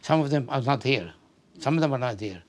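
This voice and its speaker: An older man from Afghanistan shares his life story in an oral history interview, his mid-range voice carrying lively intonation even as he halts and often repeats words.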